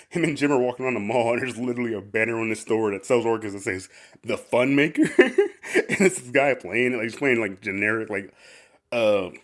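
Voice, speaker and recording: Fast-talking, rambling male podcast host. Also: fairly low pitch. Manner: rambling, filler-heavy, laughs often. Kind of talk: casual podcast chat.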